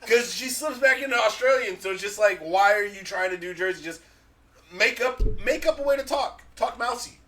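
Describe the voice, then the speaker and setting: A man co-hosting a podcast in casual chat, animated and joking, swearing freely. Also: high-pitched, normal speed, far from the mic. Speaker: podcast co-host.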